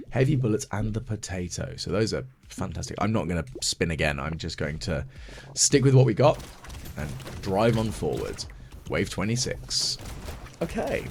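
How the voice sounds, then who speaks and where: A man's voice: low-pitched, creaky, noisy background. A man giving chatty ASMR gaming commentary as a let's play host, thinking aloud and mocking his own mistakes. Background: game music.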